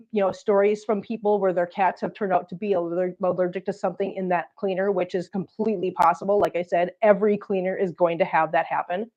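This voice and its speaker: Woman host, casual unscripted chat, short of breath, baby-talks pets; slightly muffled audio. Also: medium pitch. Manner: chatty, coos at cats in baby talk. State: overheated and out of breath. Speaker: cat channel vlogger. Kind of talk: unscripted live-stream chat while cleaning.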